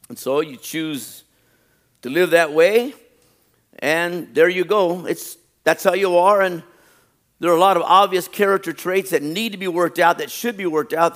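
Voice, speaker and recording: A man's voice: on the high side, fairly bright tone. A pastor preaching a sermon, repeating his phrases and stressing them with rising emphasis. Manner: reads a list slowly and deliberately.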